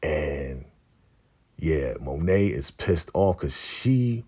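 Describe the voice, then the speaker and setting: A man casually recapping an episode, excitable and acting out the lines. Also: a bass voice, very slow, husky. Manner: excitable, acts out quotes. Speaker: show recap vlogger.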